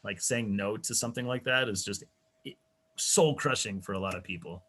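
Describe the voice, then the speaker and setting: A man's voice: on the low side, moderate pace, fairly bright tone. A man presenting a teaching webinar over a video call. He keeps it casual and interactive, often asking "right?" and acting out little everyday dialogues. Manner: conversational, many "right?" and "you know" tags; acts out everyday dialogue in quotes. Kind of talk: casual interactive workshop talk.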